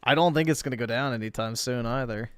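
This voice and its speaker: A man's voice: medium pitch, fast talker, a bit bright, clear, resonant tone, dry recording, clean studio sound. A man chatting casually on a stream, giving blunt, matter-of-fact opinions with some swearing. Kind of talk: casual chat.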